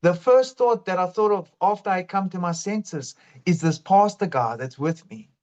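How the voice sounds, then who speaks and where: A man's voice: sits high, moderate pace, darkish tone. A man telling his faith testimony in an earnest, fervent way. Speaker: guest sharing testimony. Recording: dull lo-fi sound.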